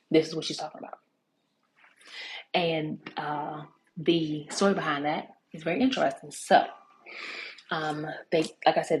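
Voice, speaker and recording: A woman's voice: low-pitched, darkish tone, poor audio. A woman giving a casual, chatty cooking demonstration, telling family stories with lots of fillers and restarts. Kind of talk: casual storytelling cooking demo.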